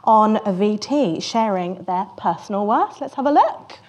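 A woman's voice: medium pitch, animated, unhurried, darkish tone. A woman hosting a storytelling show and introducing guests in an upbeat way. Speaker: host. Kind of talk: introducing speakers.

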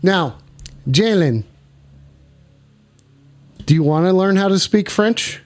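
A high-pitched man runs a call-in stream, cursing and repeating himself in loud, casual banter. Faint music plays behind him. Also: animated, takes it slowly. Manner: hyped, repeats catchphrases, curses, shouts. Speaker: streamer taking calls.

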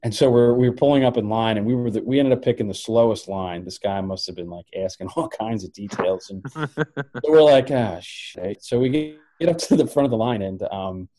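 A middle-aged man co-hosting a podcast, telling a travel story in an animated way and laughing often. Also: on the low side, brisk. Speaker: podcast co-host. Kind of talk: casual chat.

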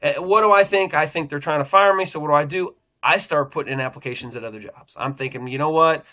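A man's voice: fairly high pitch, fast, sharp tone. A middle-aged man, a pastor, telling a personal faith testimony in an earnest, rambling way, often restarting his sentences.

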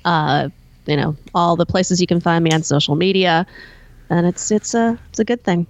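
A woman's voice: lowish voice, normal speed, dry recording, dull audio. A woman who is a podcast guest, chatting casually in a friendly, upbeat way.

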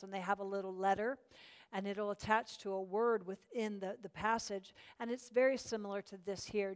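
A woman's voice: mid-range voice, smooth, in a large hall. A woman teaching a Bible study class, encouraging and chatty, with many fillers and restarts.

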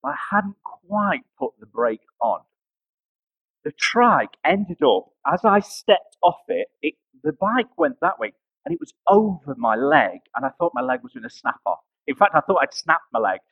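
A man's voice: fairly high pitch, very animated, a little slow, no room sound, narrow, tinny audio. A man preaching a sermon, telling a personal story and building to emphatic rises.

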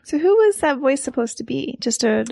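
A woman's voice: sits high, big pitch swings, normal speed, gravelly, warm tone, a little hiss or hum. A woman co-hosting a casual movie podcast, teasing and playful as she talks. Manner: teasing, playful, laughs often. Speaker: podcast co-host.

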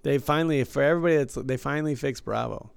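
A man's voice: medium pitch, fast talker, vocal fry, clean tone, no room sound. A man co-hosting a casual podcast chat, rambling and self-deprecating, often trailing off unsure.

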